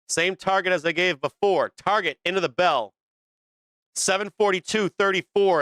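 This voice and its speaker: A brash man calls live market trades, swearing freely and laughing between calls. His voice is bright and forceful, pitched a little high, with a smooth, crisp tone. The sound is dry and close, with no room around it. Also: no room sound. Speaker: stock market livestream host. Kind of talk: profane live trading commentary.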